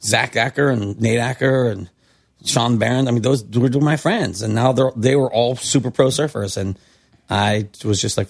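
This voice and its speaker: A middle-aged man from California, a podcast guest telling stories casually in an animated, rambling way, acting out quotes. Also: medium pitch, moderate pace, gravelly, husky. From Santa Cruz, California. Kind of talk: casual storytelling.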